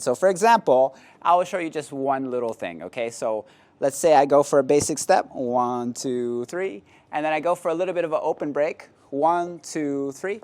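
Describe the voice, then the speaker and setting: A man's voice: a little high, darkish tone. Playful male salsa instructor counting steps. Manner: playful, counts steps aloud, jokes and laughs. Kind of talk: dance class instruction.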